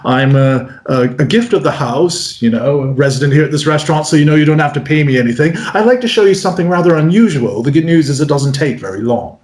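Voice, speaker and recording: A man voicing a quiet, understated British restaurant magician with a mock British accent. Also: fairly high pitch, animated, quick pace, few pauses, roomy sound, lightly acted. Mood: polite.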